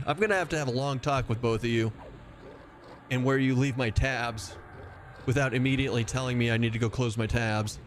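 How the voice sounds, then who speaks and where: A man's voice: medium pitch, a little fast, a little hiss or hum. A man streaming a game live, chatting casually with his viewers in a rambling way and swearing freely. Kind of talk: casual live-stream chat while playing.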